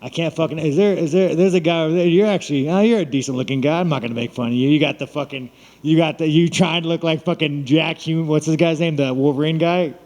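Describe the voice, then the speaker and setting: A fighter at a media scrum talks in a somewhat high voice, swearing in nearly every sentence and teasing the reporters around him. His voice carries a long reverb from a big hall. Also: quick pace, a little mellow. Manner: blunt, swearing, mocking. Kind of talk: profane, boastful press scrum talk. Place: large room at a media event.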